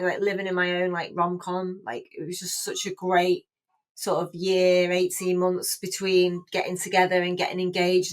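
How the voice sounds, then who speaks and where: Speaking on the low side, a woman in her forties recounts her own story as a podcast guest. It's casual chat, loose and openly emotional, full of restarted sentences plus "like" and "you know."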